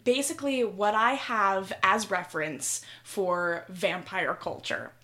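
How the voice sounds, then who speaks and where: A woman co-hosting a podcast in casual chat about books, unhurried, drawing out her words and laughing along. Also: mid-range voice, bright, forceful tone.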